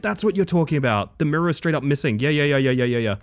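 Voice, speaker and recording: A man's voice: on the high side, rapid-fire. A man streaming a horror game live, commenting casually, swearing freely and talking to his chat. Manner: animated, swears freely, chats with viewers.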